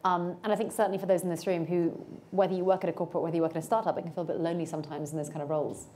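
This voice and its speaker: A woman moderates a live fireside chat and speaks very quickly with a mellow, fairly low voice. Her questions come across as keen and conversational, with faint room noise behind her. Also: level tone. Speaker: host, moderator. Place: event space with audience.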